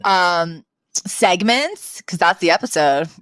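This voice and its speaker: Give me a woman co-hosting a chatty podcast. Her voice sits on the low side, and she recaps a sitcom in a lively way, full of quick restarts and laughter. The sound is dry and close, with no room to it. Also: dry recording. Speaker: podcast co-host.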